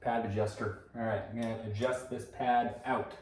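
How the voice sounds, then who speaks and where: This man's medium-pitched voice has a darkish tone and fairly even intonation at a moderate pace. He talks himself through unboxing and putting together a bike, rambling and adding joking asides. The recording sounds roomy, with a distant mic and clear background noise.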